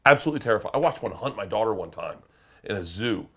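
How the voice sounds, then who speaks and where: A man telling a wild story as a guest, laughing and acting out quotes with sudden shouts. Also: on the low side, lively intonation, quick pace, slightly rough. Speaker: comedian guest. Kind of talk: animated storytelling.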